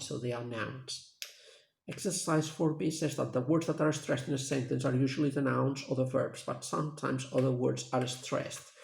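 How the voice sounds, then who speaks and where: Man, English teacher, gravelly voice, echoey room, patient lesson recap. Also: medium pitch. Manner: plain, patient classroom explaining.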